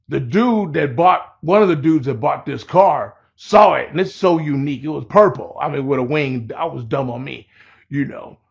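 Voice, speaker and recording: A man telling a story to camera in a rambling, laid-back way, full of slang and "you know", sometimes loudly acting out what others said. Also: a little high, vocal fry, lo-fi sound.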